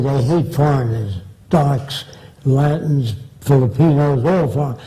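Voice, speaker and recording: A man's voice: mid-range voice, warm tone, poor audio. An older man answering audience questions with long, blunt, rambling anecdotes, acting out the people he quotes. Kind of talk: anecdotal storytelling in a Q&A.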